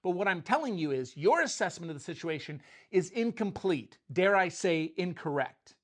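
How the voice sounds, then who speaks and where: A man's voice: sits high, sing-song, moderate pace, hardly any pauses, fairly bright tone. Casual middle-aged man preaching. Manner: conversational, paraphrasing scripture loosely with many "like" and restarts. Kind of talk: casual sermon.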